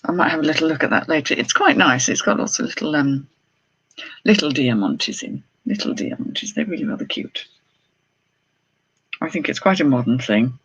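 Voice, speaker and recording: Gravelly middle-aged Englishwoman chatting. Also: low voice, a little fast, fairly bright tone, muffled recording. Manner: chatty, exclaiming, thinking aloud. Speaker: jewellery reseller hosting a live haul stream. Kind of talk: casual live-stream unboxing chat.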